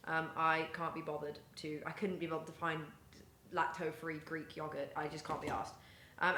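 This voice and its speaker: A young woman with a lowish, pushed, bright voice chats casually with her live-stream audience while baking in her home kitchen. Her streaming setup catches her often walking away from the mic, and the kitchen sounds echoey with faint room noise.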